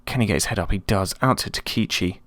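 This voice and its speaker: A man casually commenting on his own football management game, chatty and prone to sudden excited outbursts. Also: fairly low pitch, fast talker, no room sound. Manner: excitable, chatty, swings between calm and yelps. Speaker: let's play host.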